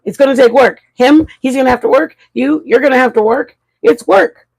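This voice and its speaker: Woman host, chatty and frank, bright-ish upper voice, animated live chat. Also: high voice, fairly quick, vocal fry, rough recording. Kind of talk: casual chat to viewers.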